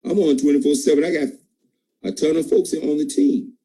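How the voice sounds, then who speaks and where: A team leader gives his sales team a preachy motivational pep talk on a sales call, speaking emphatically and a little fast. His voice is dark and mellow with a husky edge, jumping high in pitch when he presses a point. The recording is low quality.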